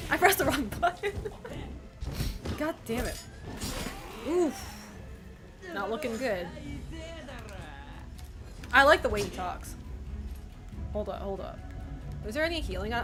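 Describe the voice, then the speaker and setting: A young woman streamer talks through her game in a high, bright-pitched voice that leaps all over the place. She is excitable, curses freely and laughs often between tries. Game music plays clearly behind her. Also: takes it slowly, pauses often. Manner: excitable, swears and laughs a lot, calls the game "bro". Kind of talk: gameplay commentary.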